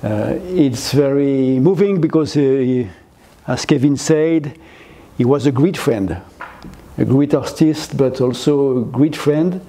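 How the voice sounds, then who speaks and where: An older man from France with a French accent, giving a gallery lecture in halting English, full of fillers and restarts. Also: medium pitch, dark tone. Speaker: guest lecturer. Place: lecture hall, seated.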